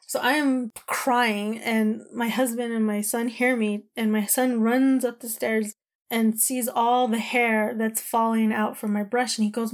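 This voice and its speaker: A woman's voice: a little high, level tone, unhurried. A woman in her thirties telling a personal story in a candid, emotional, rambling way, full of "like" and "you know".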